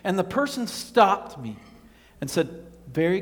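A man's voice: high voice, sing-song, a little slow, pauses often, big-room sound. A man preaching a sermon as pastor, earnest, putting rhetorical questions to his congregation.

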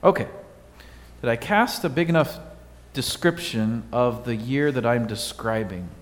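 A man's voice: mid-range voice, animated, unhurried. A male pastor giving a conversational sermon, quizzing his congregation with a light, joking manner. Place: church sanctuary. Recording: long hall reverb.

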